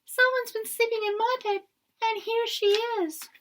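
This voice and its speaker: A woman voicing a small girl bear cub with a high, squealy voice who wails and squeaks. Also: fairly even intonation, a little slow, fairly bright tone, a little hiss or hum. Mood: squeaky. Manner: wailing and squeaking.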